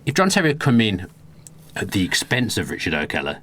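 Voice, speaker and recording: A man with a Birmingham accent chats on a podcast at a brisk clip. His voice sits very low. He gives firm opinions and teases his co-host in easygoing banter. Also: huge pitch swings, a bit bright, slightly rough. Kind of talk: casual podcast chat.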